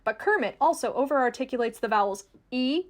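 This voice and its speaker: A woman reading a scripted video essay in a clear, measured, explanatory way. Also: high voice, lively intonation. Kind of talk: scripted narration.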